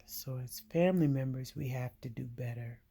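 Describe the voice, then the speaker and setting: A woman's voice: rumbling low, normal speed, warm tone, breathy edge. A woman and veteran speaking straight to the viewer, giving direct, emphatic advice in an earnest monologue. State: getting emotional.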